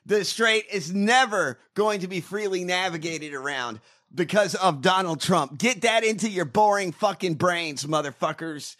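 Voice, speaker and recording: A man on a podcast, ranting loudly about politics with heavy swearing. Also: high-pitched, moderate pace. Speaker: podcast host. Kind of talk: profane political rant.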